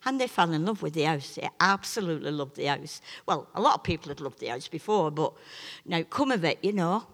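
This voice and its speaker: A woman's voice: low-pitched, animated, a little fast. Emphatic woman preaching. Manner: emphatic, swings between loud preaching peaks and soft asides. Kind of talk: sermon with personal testimony. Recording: long reverb of a large hall.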